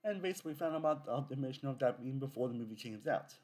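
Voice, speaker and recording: Rambling young man with lively pitch. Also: very fast. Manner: rambling, many fillers and restarts. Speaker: video essay host. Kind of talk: casual video essay commentary.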